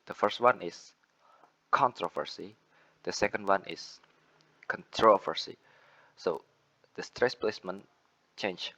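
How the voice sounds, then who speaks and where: A man's voice: sits low, a bit bright, poor audio. A young man with an Indonesian accent giving a student class presentation on word stress, repeating example words and correcting himself as he goes. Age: young adult.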